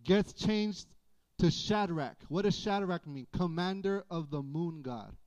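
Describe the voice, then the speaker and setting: Slow, folksy preacher. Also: male voice, high voice. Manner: folksy, animated preaching with playful asides. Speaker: pastor. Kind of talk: sermon. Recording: dull lo-fi church audio.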